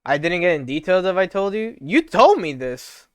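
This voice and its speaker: A man's voice: high voice, very animated, moderate pace. A man casually reading visual novel dialogue aloud on a live stream, chatting and laughing between lines.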